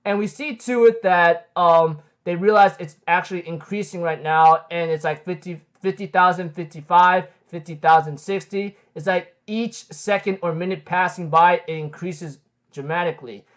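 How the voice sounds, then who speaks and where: A man's voice: sits high, steady tone, moderate pace, fairly bright tone. A young man casually recapping an anime episode, rambling with many fillers like um and like. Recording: dull lo-fi recording.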